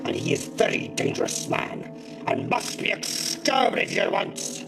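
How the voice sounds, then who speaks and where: Brief: creaky villain professor, voiced by a man, drawling and swooping, distant over a loud score. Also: high voice, sing-song, a little slow, music in the background, pitched above the performer's own voice, heavily acted. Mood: menacing. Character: scheming villainous male professor. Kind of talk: fan-made action figure drama.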